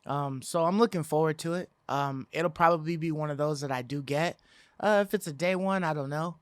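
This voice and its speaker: A man's voice: on the high side, brisk, smooth, no echo. Laid-back male co-host, rambling casual delivery, dry close-mic recording. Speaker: podcast co-host. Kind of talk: casual gaming podcast chat.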